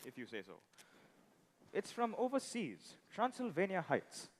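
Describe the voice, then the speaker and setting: Male actor as a dry comic messenger; high, lively pitch; stage hall echo. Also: unhurried, full character voice. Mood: deadpan. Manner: dry, comic timing, sudden loud calls. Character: deadpan male telegram messenger. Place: theatre stage. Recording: reverberant hall.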